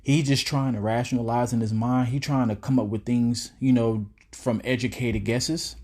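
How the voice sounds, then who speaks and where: A man's voice: medium pitch, steady tone, moderate pace, few pauses, a little mellow. A man out of breath, reading and quoting scripture in a casual, preachy commentary on a clip. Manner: preachy, quotes scripture at length; casual street talk. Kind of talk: religious reaction commentary.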